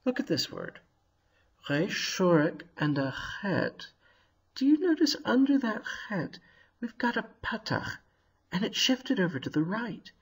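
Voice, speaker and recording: A man teaching a video lesson on Hebrew vowels, slowly and carefully sounding out each word. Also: fairly high pitch, breathy edge. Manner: slow, careful sounding out of words.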